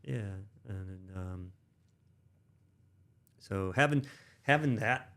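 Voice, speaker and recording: A man's voice: fairly low pitch, slow, a bit bright. A man in his thirties, an Army veteran and interview guest, telling stories in a rambling casual way full of fillers and restarts. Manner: rambling, many fillers and restarts, acts out quoted dialogue.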